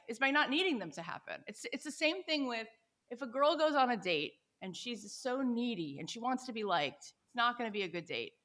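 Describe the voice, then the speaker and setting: A woman in her forties from the United States, a podcast guest telling personal stories in an animated, enthusiastic way and often checking in with "right?". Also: a little high. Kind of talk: conversational storytelling interview.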